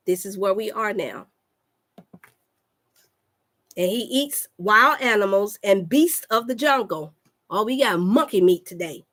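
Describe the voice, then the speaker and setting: Woman, higher pitch, fervent preacher-style delivery, livestream health talk, repeats lines, addresses viewers directly. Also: a bit bright. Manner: calls out to listeners with "y'all". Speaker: health coach.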